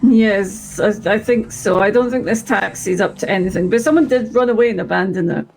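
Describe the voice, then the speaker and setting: A woman's voice: medium pitch, a little fast, gravelly, darkish tone, slight background noise, low-quality recording. A woman role-playing in a video game, playful and giggly.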